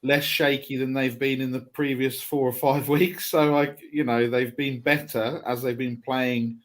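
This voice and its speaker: A man's voice: mid-range voice, little pitch movement, unhurried. A man chatting about football on a fan podcast, rambling with lots of fillers and small laughs. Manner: rambling, filler-heavy, laughs at his own remarks. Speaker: podcast panelist. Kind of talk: casual football chat.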